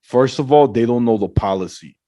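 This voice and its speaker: A man hosting a podcast in a laid-back, casual chat, reacting quickly and laughing often. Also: medium pitch, mellow. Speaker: podcast host.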